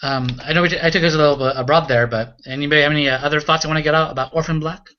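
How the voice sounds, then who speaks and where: A man hosting a casual group meeting, briskly steering through the agenda. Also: on the high side, steady tone, pushed and bright, lo-fi sound. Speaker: meeting host.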